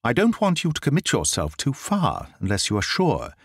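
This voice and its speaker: A man voicing a brisk, confident Victorian gentleman detective in a storybook reading, with a crisp, assured manner. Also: medium pitch, wildly swooping pitch, no echo.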